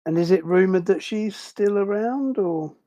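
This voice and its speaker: A man's voice: sits high, a little slow, warm tone, no room sound. A man playing a tabletop game over voice chat, easygoing and decisive. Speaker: player.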